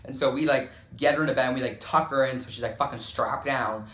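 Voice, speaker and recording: A man's voice: medium pitch, fast talker, fairly bright tone, reverberant. A young man telling a dramatic storytime, swearing often and filling gaps with "like.". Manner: profane, dramatic, filler-heavy storytelling. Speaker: storytime vlogger. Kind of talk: casual storytime.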